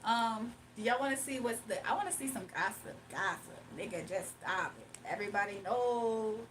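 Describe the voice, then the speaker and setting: A woman's voice: on the high side, animated, moderate pace, distant mic, background noise. A woman hosting a casual live stream, chatting with her viewers, laughing often and calling them y'all. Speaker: livestream host.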